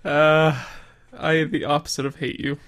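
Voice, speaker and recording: A man's voice: a little high, little pitch movement, normal speed, a bit bright. A man co-hosting a casual podcast chat, upbeat and laughing often as he runs a trivia quiz. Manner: giggly, upbeat, quizzes his co-host. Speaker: podcast co-host.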